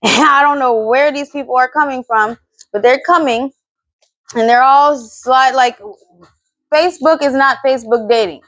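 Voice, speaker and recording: A woman's voice: high-pitched, normal speed, fairly bright tone, dry recording. Blunt, profane woman in her thirties. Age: 30s. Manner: blunt, profane, exasperated ranting. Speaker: podcast host. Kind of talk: solo podcast rant.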